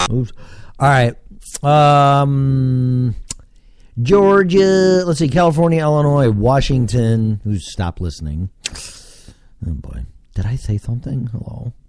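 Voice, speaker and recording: A man's voice: on the low side, warm tone, slightly rough, dry recording, studio quality. A man from Texas, hosting a casual solo podcast from his basement and rambling as he thinks aloud, with casual swearing. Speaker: podcast host. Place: home basement.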